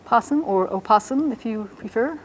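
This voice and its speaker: A woman lecturing on a language, talking patiently and slowing down to spell out and pronounce each word carefully. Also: fairly high pitch, lively intonation, slight background noise, poor audio. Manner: patient, explanatory, slows down to pronounce words carefully. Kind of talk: educational lecture on a public-access show.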